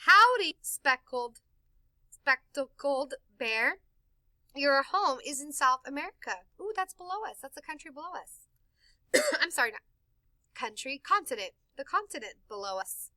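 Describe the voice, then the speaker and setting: A woman reading a picture book aloud to children in an animated, sing-song way, stopping to explain words. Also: sits high, a little slow, dry recording. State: tickle in her throat. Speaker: storytime reader for children.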